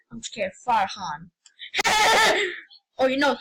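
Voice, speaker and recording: A woman giving casual, rambling game commentary, excitable and prone to sudden yelps and shouts. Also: sits high, slow, background noise. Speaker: gamer.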